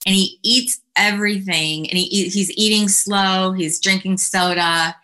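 A woman's voice: mid-range voice, steady tone, a little slow, bright, forceful tone. A woman guesting on a podcast, chatting casually and telling jokes animatedly, acting out the voices. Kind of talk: casual interview chat. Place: home room.

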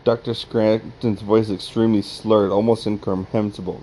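Low-voiced man reading a horror log. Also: steady tone, normal speed, dark tone, poor audio. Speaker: horror story reader.

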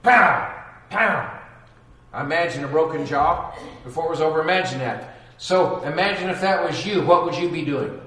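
A man preaching a sermon as pastor, dramatic and animated, acting out quotes and sound effects. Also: fairly high pitch, brisk, far from the mic. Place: church sanctuary. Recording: echoey church recorded from afar.

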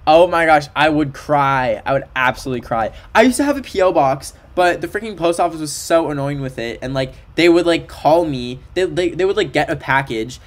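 A young Canadian man streams himself playing a video game, talking in a slightly high, animated voice at a fairly quick clip with hardly any pauses. His chat is playful and packed with fillers, and now and then he sings along in nonsense syllables. Game music plays faintly behind him.

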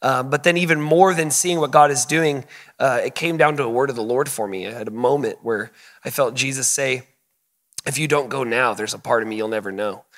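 A man talking earnestly and casually in a live-stream chat, laughing often, with quick asides. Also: medium pitch, a bit bright, big-room sound. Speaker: guest, missions school leader. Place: indoor living room.

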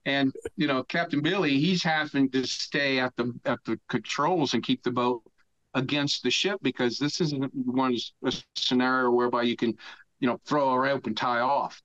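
Profane, animated man telling a story. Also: medium pitch, moderate pace, highs cut off. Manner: animated, profane storyteller who acts out shouted quotes. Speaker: podcast guest. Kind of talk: casual storytelling interview.

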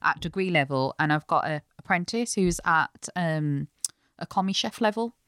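A woman's voice: lowish voice, animated, moderate pace, fairly bright tone, clean tone, no echo, clean studio sound. A young adult woman, a chef and business owner, chatting earnestly in an interview and explaining at length. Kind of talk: casual interview chat.

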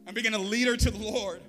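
A man's voice: high-pitched, fairly bright tone. A man preaching a sermon as a pastor, telling a story with humor and acting out the voices of the people in it.

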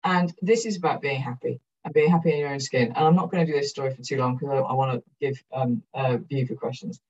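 Frank Welsh woman, husky and distant. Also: a bass voice, quick pace, muffled recording. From South Wales. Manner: frank and energetic, swears casually, self-deprecating. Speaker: keynote speaker. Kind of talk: candid conference talk. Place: conference room.

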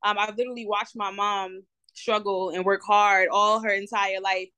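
A young woman in her twenties with a New Jersey accent talks freely and casually, full of slang and filler ums. Her voice sits mid-pitch and sounds dry and close. She comes across lively and talkative as an interview guest. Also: normal speed, clean tone, dry recording. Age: 20s. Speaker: guest entrepreneur.

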